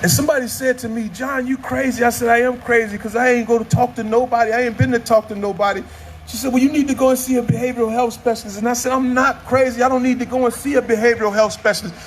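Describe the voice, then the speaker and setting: A middle-aged man speaks at an outdoor street rally, his voice pitched unusually high and pushed into fiery, preacher-like shouts. He rises and falls in waves like a sermon. A faint hiss of street noise runs under him. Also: fairly even intonation, fast talker. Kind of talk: impassioned rally speech.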